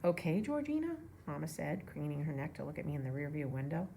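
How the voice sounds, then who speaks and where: Woman reader, low gravelly voice, relaxed storybook reading with asides. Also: quick pace, a little hiss or hum. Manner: relaxed, with casual asides to listeners. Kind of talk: reading a children's novel aloud.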